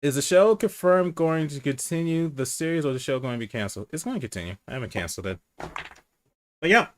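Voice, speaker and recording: A man hosting a casual livestream chat, candid and profane, who says he speaks low and rambles with restarts. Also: lively intonation, a little fast.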